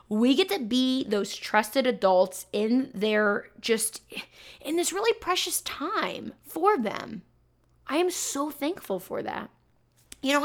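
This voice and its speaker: A young adult woman, a teacher and podcast host, gives an upbeat, chatty motivational talk to fellow teachers, full of emphatic repeats. Her voice is on the high side and a bit bright.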